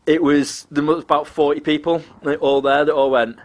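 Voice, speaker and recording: A man's voice: a little high, little pitch movement, normal speed. A man telling a rambling, laugh-filled anecdote in casual chat, acting out other people's voices as he goes. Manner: rambling, laughing often, acts out quoted voices.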